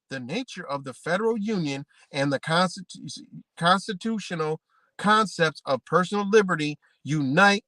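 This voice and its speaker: A man with a high voice hosts a livestream in a loose, profane rant. He reads stiff legal passages aloud, then swerves back into heated street talk, sounding close and dry with no room around him. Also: no echo. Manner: animated and profane, swinging between reading and ranting. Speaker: livestream host. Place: home livestream setup.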